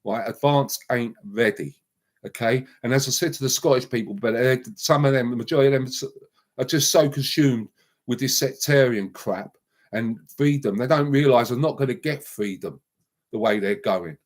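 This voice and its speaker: A man hosts a live stream and rants at his viewers. He talks heatedly, repeats himself for emphasis, and swings between loud outbursts and muttered asides in a mid-range voice. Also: mid-range voice, normal speed. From England. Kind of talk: ranting live stream chat.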